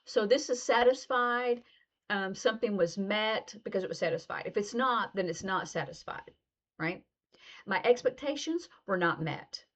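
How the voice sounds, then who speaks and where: A woman's voice: mid-range voice, expressive, moderate pace, a bit bright. A woman teaching a casual video lesson, chatty and loose, acting out little example dialogues as she explains. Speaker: sign language teacher.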